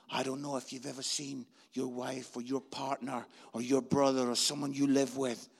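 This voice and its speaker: A man's voice: medium pitch, little pitch movement, measured pace, creaky, husky. A man, a pastor telling a comic story in a sermon.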